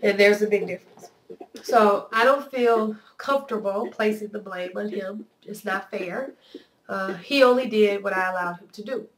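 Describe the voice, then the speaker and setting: A woman vlogger with a mid-range voice speaks at normal speed, sounding nasal from a cold. She talks earnestly and candidly to her viewers in a personal vlog monologue, recorded in a roomy, echoey space with her voice slightly off-mic.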